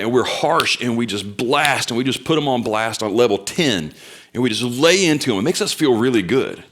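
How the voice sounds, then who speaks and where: A young man preaching a sermon, telling stories with loud bursts and quiet asides. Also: medium pitch. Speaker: pastor.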